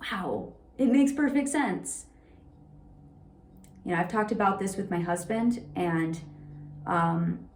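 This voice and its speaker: A young adult woman talking through a personal experience in an unscripted monologue, rambling and halting, with constant "like" fillers. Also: on the low side, a little mellow, echoey room. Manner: rambling, heavy use of "like", halting restarts. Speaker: vlogger sharing personal experience.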